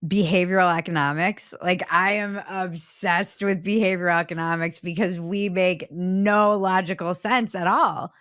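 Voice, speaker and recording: A woman's voice: on the low side, fairly even intonation, moderate pace, hardly any pauses, a bit bright, clear, resonant tone, no room sound, clean studio sound. A woman hosting a podcast interview, chatty and self-deprecating. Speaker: podcast host. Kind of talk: casual interview chat.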